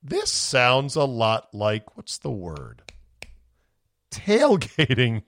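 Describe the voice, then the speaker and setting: A man's voice: mid-range voice, huge pitch swings, slow pace, vocal fry, dry recording. Man, podcast host, sarcastic sports rant, strained voice, dry close sound. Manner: sarcastic, indignant, swings into shouting. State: voice going from screaming. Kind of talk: ranting sports talk.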